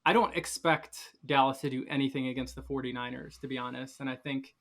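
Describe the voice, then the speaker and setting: A man's voice: medium pitch, steady tone, fast, fairly bright tone. A man co-hosting a casual sports podcast, teasing and ribbing the other hosts. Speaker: podcast co-host.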